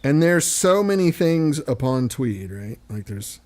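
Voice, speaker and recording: A man's voice: medium pitch, sing-song, measured pace, a crowd in the background. A man from Missouri with an American accent, a chatty host who tells stories and acts out other people's voices. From Missouri, United States. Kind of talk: casual chat.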